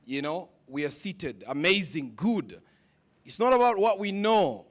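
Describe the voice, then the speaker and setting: Man, high voice, summit speaker, preachy motivational address, fires questions at the crowd. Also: big pitch swings, measured pace. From West Africa. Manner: preachy, repeats questions to the audience. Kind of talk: motivational speech. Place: conference hall.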